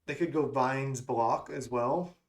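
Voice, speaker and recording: A man's voice: mid-range voice, takes it slowly. Man thinking aloud over a card game. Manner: musing, self-questioning strategy talk. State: has the hiccups. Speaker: gaming content creator.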